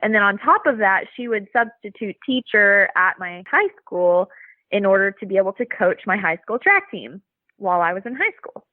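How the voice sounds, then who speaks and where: A woman in her twenties, a guest on a podcast, telling stories in a bubbly, animated way and laughing often. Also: mid-range voice, normal speed, dry recording. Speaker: guest, Olympic pole vaulter. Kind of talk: casual interview over a phone line. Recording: tinny phone line.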